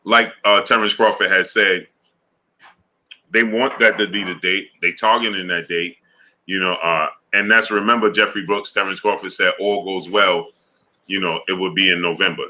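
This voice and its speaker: A man hosting a casual boxing livestream, shouting out chat names and repeating his calls to action. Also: low-pitched, steady tone, moderate pace. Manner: repeats a call to subscribe.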